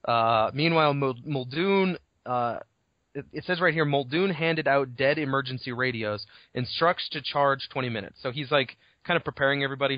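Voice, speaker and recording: A man on a podcast rambles through a chapter summary, swearing freely and slipping into the characters' voices. His voice sits at a middle pitch. The sound is dull and lo-fi, dry with no room echo. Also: normal speed. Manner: rambling recap, swearing, acts out characters' lines. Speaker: podcast co-host. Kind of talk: casual chat summarizing a novel chapter. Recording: dull lo-fi home recording.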